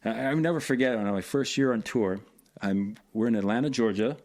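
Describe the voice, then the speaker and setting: Guy on a podcast telling stories, animated, says you know a lot. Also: medium pitch, fairly quick. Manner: animated, lots of filler phrases. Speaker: podcast guest, tournament organizer. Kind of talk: casual storytelling.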